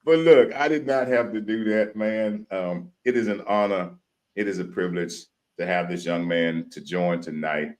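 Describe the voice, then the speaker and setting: A man from Louisiana, hosting a live stream show in folksy country talk. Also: sits low. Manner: hyped chanting intro, drawn-out shouting. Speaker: podcast host.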